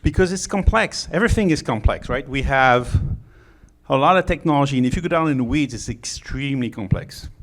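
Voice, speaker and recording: A man's voice: mid-range voice, expressive, fairly quick. A middle-aged man from France with a French accent, giving a joking, chatty conference talk with many fillers and restarts. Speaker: conference speaker. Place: conference hall.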